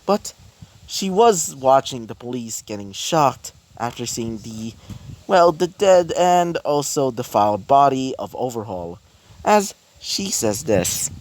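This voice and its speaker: A man spins a fan-fiction tale off the cuff, halting often and circling back with fillers and restarts. He talks slowly and deliberately, at a middle pitch. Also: big pitch swings, darkish tone. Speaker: storyteller. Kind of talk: improvised fan-fiction narration.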